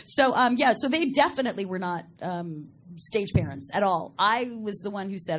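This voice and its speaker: A woman's voice: medium pitch, expressive, a little fast. A middle-aged woman from Long Island, New York, with no regional accent, chatting as a talk show guest in a rambling way and laughing often. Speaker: guest actress. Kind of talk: casual talk show chat.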